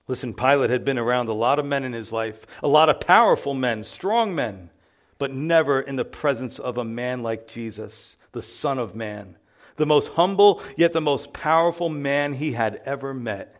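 A male pastor preaching a sermon, building to loud emphatic exclamations. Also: medium pitch, expressive, moderate pace.

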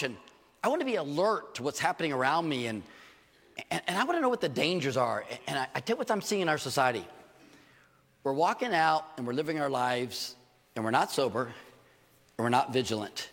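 Older male pastor, lively comic sermon delivery, slightly high, gravelly, echoey church hall. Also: quick pace. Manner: animated, jokey storytelling with acted asides.

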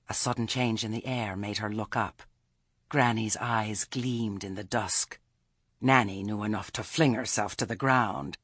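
A man narrating an audiobook in a measured, expressive storytelling manner. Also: on the low side, breathy edge, no room sound, studio quality. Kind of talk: scripted narration.

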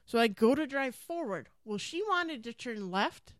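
A woman's voice: fairly high pitch, lively intonation, a little slow, no echo. Profane woman telling a road-rage story. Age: adult parent. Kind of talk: casual chat.

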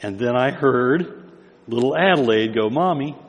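A man's voice: medium pitch, animated, a little slow, long reverb tail. An older man preaching a sermon as pastor, with emphatic build-ups on key phrases.

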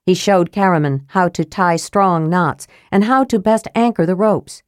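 A woman with a low voice narrates an audiobook in a steady, clear storytelling manner. The recording is close and dry, with no room sound behind her. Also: unhurried, no echo.

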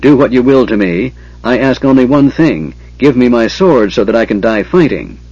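Man doing a fearless storybook warrior, loud, defiant, husky. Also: mid-range voice, animated, normal speed, no echo, highs cut off. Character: grieving, defiant male warrior.

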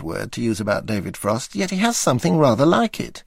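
A man's voice: fairly low pitch, lively intonation, moderate pace, gravelly, few pauses, dry recording. An older man reading his memoir aloud with dry, wry understatement. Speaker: memoir narrator.

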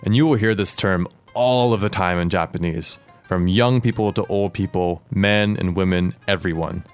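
A man with a fairly low voice hosts a language-lesson podcast. He explains each word in a clear, patient way and turns to his co-host with questions. Soft music plays faintly behind him. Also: normal speed.

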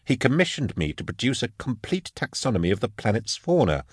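A man's voice: lowish voice, big pitch swings, moderate pace, no room sound, clean studio sound. A man voicing a meek, frightened middle-aged male scholar in an audiobook, with a thin, reedy, nervous voice. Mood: defensive. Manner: nervous, pleading. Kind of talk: audiobook character voice.

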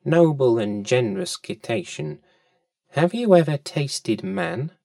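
A man voicing a small, crafty male fish in a storybook reading, speaking in a small soft voice with formal, wheedling courtesy. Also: fairly high pitch, sing-song, slow pace, gravelly, no echo, clean studio sound, distant mic, full character voice. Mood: sly, coaxing.

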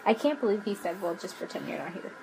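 A woman's voice: mid-range voice, big pitch swings, fast talker, creaky, darkish tone, rough recording. Wry woman podcaster with faint background hiss. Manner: frank, wry, self-deprecating. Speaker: podcast co-host. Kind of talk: casual chat recapping a TV episode.

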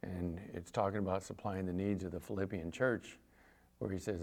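Man, pastor, preaching a sermon, low voice, reads verses with swelling emphasis. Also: fairly even intonation, brisk. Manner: reads scripture aloud with rising emphasis, acts out little voices.

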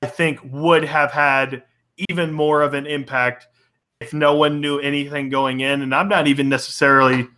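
Excitable man with a bright voice. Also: on the high side. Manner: excitable, laughs often, quick fan talk. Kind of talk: casual chat.

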